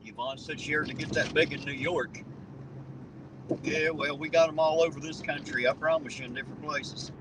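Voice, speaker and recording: A man's voice: on the high side, steady tone, moderate pace. A man with a Southern US accent, hosting a casual outdoor chat and telling profane, folksy stories. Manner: folksy and profane, drawling tall tales. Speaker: channel host. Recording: distant mic with noisy outdoor background.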